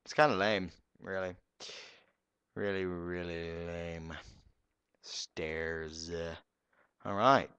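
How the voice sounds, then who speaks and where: A young man giving goofy, excitable commentary while streaming a game live. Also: sits low, extremely slow, long pauses, clean tone, dry recording.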